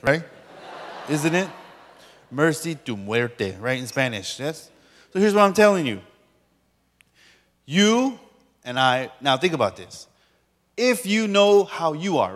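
Pastor guy preaching, kinda high voice, jokes around with the crowd, long hall echo. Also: very animated, unhurried, long pauses, fairly bright tone. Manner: playful, bantering with the audience. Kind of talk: sermon. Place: large lecture hall.

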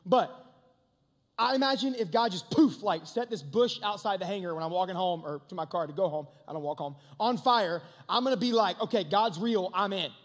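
High-voiced young man preaching in a hall. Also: brisk. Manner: animated, conversational preaching with asides to the crowd. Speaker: youth pastor. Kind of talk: youth sermon. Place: large hangar used as a church hall. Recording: long hall reverb.

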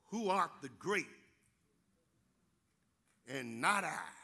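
A man with a Southern American accent preaching a sermon in church, building to shouts on key phrases. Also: high-pitched, very animated, slow, pauses often. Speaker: pastor.

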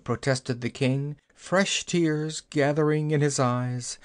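A man narrating an audiobook in a steady, even storytelling manner. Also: medium pitch, a little slow, hardly any pauses. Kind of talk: scripted narration.

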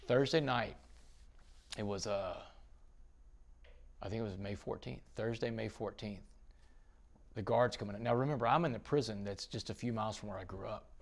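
A man's voice: fairly low pitch, normal speed, gravelly, long pauses. A man from Texas, a podcast guest telling a dramatic story in an interview. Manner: dramatic storytelling, rising to excited bursts.

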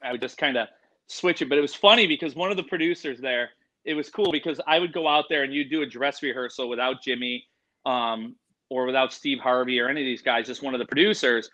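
A middle-aged man, a guest animal expert, telling stories in an excitable, rambling way full of fillers and quoted voices. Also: medium pitch, fast talker. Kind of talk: excited storytelling in casual interview. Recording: dull lo-fi sound.

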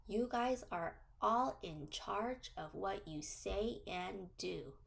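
A woman teaches preschoolers through a social story, her delivery sing-song and gently encouraging. She speaks very slowly, drawing out each phrase. A heavy gravelly fry runs through her voice. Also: medium pitch, expressive. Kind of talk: social story read to young children.

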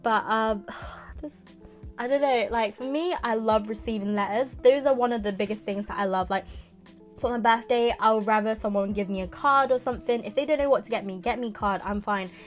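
A young woman, unboxing a parcel in a casual vlog, giddy and excitable with exaggerated reactions. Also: fairly high pitch, a little fast, faint music behind. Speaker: manga vlogger.

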